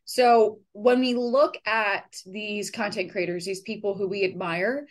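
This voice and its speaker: A woman's voice: mid-range voice, steady tone, unhurried. A woman hosting a podcast, chatting casually with loose swearing and lots of fillers and restarts. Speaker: podcast host.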